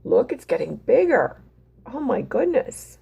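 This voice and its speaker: A woman reading a picture book aloud to young children, slow and careful, with a lively, swooping voice. Her tone has a gravelly, fry-tinged edge and sits a little high. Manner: animated, pointing out the pictures.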